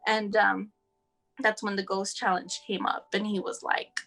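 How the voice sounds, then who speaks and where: A woman's voice: mid-range voice, level tone, unhurried, creaky, fairly bright tone, soft background music. A woman sharing her son's story as a guest, talking casually and running on with "like" and "you know".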